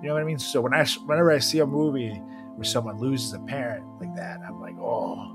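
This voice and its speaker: A man's voice: mid-range voice, fast, music in the background. A man co-hosting a casual podcast chat, joking crudely and laughing often. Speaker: podcast co-host.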